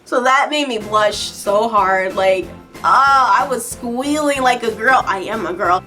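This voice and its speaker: A young woman vlogger talks straight to camera, excitable and quick to squeal. Her voice sits high and sounds bright. Faint music plays underneath. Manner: excitable, breaks into high squeals when retelling. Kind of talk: casual storytelling to camera.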